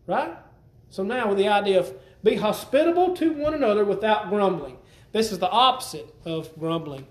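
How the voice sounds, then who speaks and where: A man delivers a sermon in a conversational way, repeating phrases and asking his congregation questions. His voice sits high for a man. The sound is roomy, with the echo of a church hall. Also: lively intonation, normal speed. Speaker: preacher.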